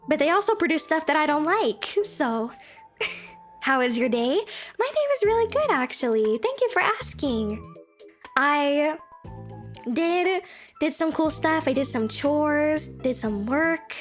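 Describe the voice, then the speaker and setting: A young woman streaming as a VTuber, chatting casually with her chat, bubbly and giggly, her voice jumping up when she gets excited. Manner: bubbly, giggly, animated, quick pitch jumps when excited.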